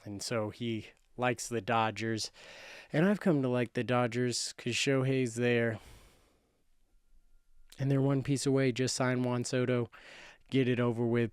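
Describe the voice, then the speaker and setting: A man's voice: medium pitch, a little slow, darkish tone, clear, resonant tone, no echo, studio quality. A man in his thirties hosting a sports show, making playful, boastful predictions in a casual chat. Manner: boastful, playful, self-correcting.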